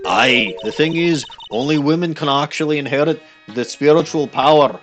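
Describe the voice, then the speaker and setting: A man's voice: a little high, moderate pace, a bit bright, faint music behind. A man playing through a game, reading the dialogue aloud in a goofy put-on Scottish accent and commenting on the story. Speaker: let's play streamer.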